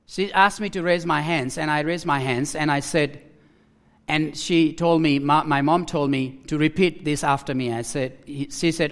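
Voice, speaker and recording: A man preaching a personal testimony, emotional and halting, repeating his phrases and restarting as he speaks. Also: a little high, fairly even intonation.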